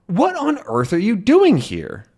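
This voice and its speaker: A man voicing a brisk, sensible young reporter who talks in a reassuring way. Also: high voice, huge pitch swings, a little mellow, husky, pitched above the performer's own voice, heavily acted. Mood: surprised.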